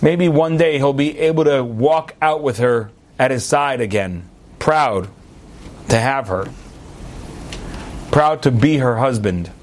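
A man preaching as a rabbi, telling a parable with jokey asides and sudden high emphatic swings. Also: slow, pauses often, a little hiss or hum. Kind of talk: sermon with a told parable.

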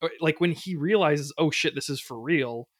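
A man's voice: a little high, moderate pace, dry recording, studio quality. A man co-hosting a podcast in casual chat, emphatic and jokey, swearing freely. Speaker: podcast co-host.

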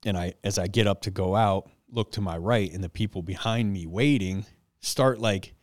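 A man casually telling an animated, self-mocking story and laughing along the way. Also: deep voice, moderate pace, no echo, studio quality.

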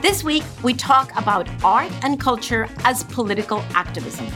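A woman hosting a podcast in casual chat, welcoming guests with a lively, warm delivery. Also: fairly high pitch, normal speed, music in the background. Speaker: podcast host.

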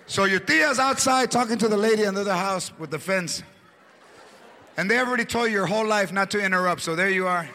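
A man performing stand-up comedy, telling a story in an animated way and acting out its people. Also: high voice, fairly quick, slight background noise. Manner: animated storytelling, acts out characters. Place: theater stage with audience. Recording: live show, loud crowd.

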